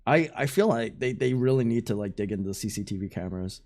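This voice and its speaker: A streamer reacts live in a loose, casual way, full of slang, swearing and bursts of laughter. The pitch swings widely from low mutters to high exclamations while the voice sits at a middle height. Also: animated, fast, a little mellow.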